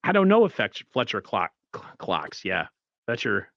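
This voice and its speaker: Raspy man, casual sports co-host, dry close sound, slightly dull audio. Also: on the low side, wildly swooping pitch, moderate pace, fairly bright tone, no room sound. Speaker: podcast co-host.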